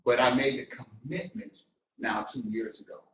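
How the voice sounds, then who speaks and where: A middle-aged man giving a motivational business talk, animated and preacher-like, swinging between loud and soft. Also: medium pitch, normal speed, a little hiss or hum. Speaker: business coach. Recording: roomy, distant, dull sound.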